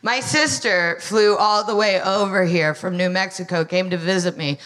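An American woman in her thirties, a comedian and co-host, delivers a wry stand-up set for a live audience, telling a story and acting out quotes. Her medium-pitched voice has a fairly bright tone, fairly even intonation and a normal speed.

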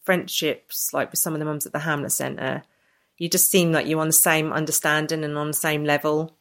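Low-voiced woman chatting away, mum telling stories with a laugh. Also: little pitch movement, fairly quick. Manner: chatty, laughs often, acts out quoted people. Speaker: interviewee, mother. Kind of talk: casual chat.

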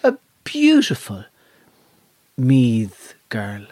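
A man's voice: medium pitch, huge pitch swings, extremely slow, darkish tone, no room sound. An Irish man telling a long personal story in casual chat, rambling and earthy, swearing freely and poking fun at himself. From Ireland.

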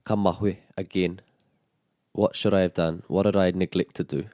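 A man's voice: deep voice, fairly even intonation, normal speed, warm tone, dry recording, clean studio sound. A man teaching a language lesson, patiently explaining phrases and modelling pronunciation. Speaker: te reo Māori teacher.

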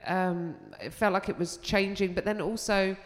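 A woman comedian with a London accent, telling lively, swear-laced anecdotes on a live talk show. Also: mid-range voice, moderate pace. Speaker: comedian guest. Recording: long hall reverb.

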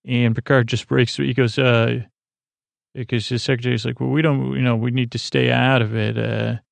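A man recapping an episode in a slow, meandering sleep-podcast style, full of fillers and restarts. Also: medium pitch, little pitch movement, creaky, no echo. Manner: meandering, filler-heavy, halting retelling. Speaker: podcast host.

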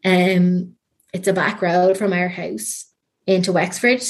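Chatty Irish woman, slightly low voice. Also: fairly even intonation, slow. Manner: chatty, many ums and likes, trailing fillers. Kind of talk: casual storytelling in an interview.

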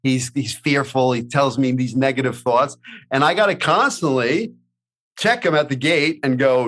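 A man's voice: medium pitch, moderate pace, a bit bright. A man in casual conversation, talking earnestly and motivationally, often saying "you know". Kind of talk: casual podcast chat.

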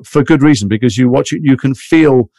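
This male actor from Liverpool, England, is a guest in a relaxed interview, spilling out quick, meandering, lively anecdotes. He speaks at medium pitch in a mixed British accent with light Liverpool and London touches, captured in clean studio sound without echo.

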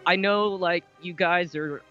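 A woman's voice: lowish voice, measured pace, soft background music. A woman calling in to a radio show, chatting casually with lots of fillers. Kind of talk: casual call-in chat. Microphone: phone. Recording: dull phone line.

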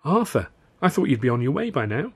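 A man voicing a gentle young mother in an audiobook reading. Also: mid-range voice, sing-song, brisk, husky, voice pushed up.

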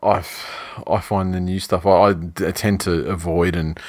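A man's voice: low-pitched, fairly even intonation, moderate pace, darkish tone, no echo, clean studio sound. A man co-hosting a casual sports chat, rambling and swearing freely. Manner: rambling, swears often, laughs a lot. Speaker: podcast co-host.

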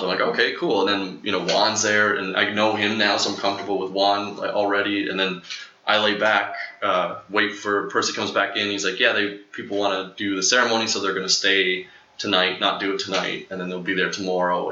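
A young man with a low, very bright and forceful voice tells a long personal story in loose, rambling chat. He leans on fillers and slips into little acted-out quotes as he goes. The recording sounds dull and lo-fi, in a roomy, echoing space. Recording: echoey lo-fi room.

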